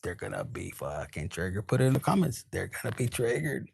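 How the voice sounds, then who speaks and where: Man, tarot reader, gravelly, a bit high, crude and animated, dry close sound. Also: a little fast, no echo. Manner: animated, crude, slips into quoted voices and Spanish words. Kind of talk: casual tarot reading to camera.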